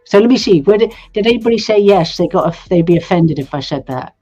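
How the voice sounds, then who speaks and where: A woman from England telling a story in a casual, animated way on a live stream, laughing at times. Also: fairly low pitch, fast, husky, faint music behind. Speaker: co-host. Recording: dull lo-fi stream audio.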